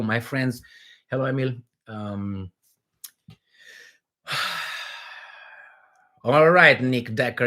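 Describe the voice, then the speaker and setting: A man's voice: mid-range voice, fairly bright tone. A middle-aged man hosting a casual livestream, rambling and joking as he reads viewer comments aloud, with many fillers and restarts. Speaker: livestream host.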